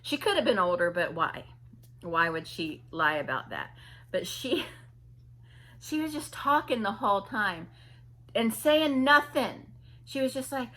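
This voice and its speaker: A woman's voice: a little high, very animated, a little slow, long pauses, pushed and bright. A woman vlogger telling a story casually and animatedly, imitating people and laughing often.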